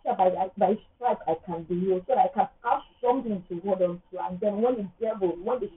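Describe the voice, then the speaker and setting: A woman's voice: mid-range voice, fast talker. A woman, sharing an emotional personal testimony in an earnest, rambling way. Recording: tinny phone-like audio.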